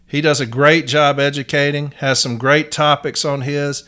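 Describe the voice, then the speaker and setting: Folksy Southern man, smooth voice. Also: a little high, measured pace, bright, forceful tone. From Nashville, Tennessee. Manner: blunt, folksy, uses y'all. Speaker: podcast host. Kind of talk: casual podcast monologue.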